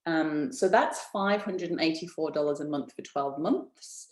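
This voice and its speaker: A woman's voice: low voice, unhurried, echoey room. Upbeat chatty woman hosting a webinar. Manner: chatty, upbeat, laughs often, talks straight to viewers. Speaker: business founder hosting an online info session. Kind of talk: live webinar sales pitch.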